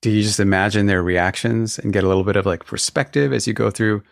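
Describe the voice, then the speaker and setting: A man hosts a podcast interview, asking measured, probing questions. His voice is very deep, and it is recorded dry and close. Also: steady tone, vocal fry, no room sound. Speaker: podcast host.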